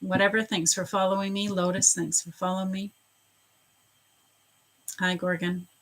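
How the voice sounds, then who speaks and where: A woman's voice: medium pitch, level tone, moderate pace. A woman doing a live psychic reading, chatting casually with viewers, greeting them by name and restarting her sentences often. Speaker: psychic reader on a livestream.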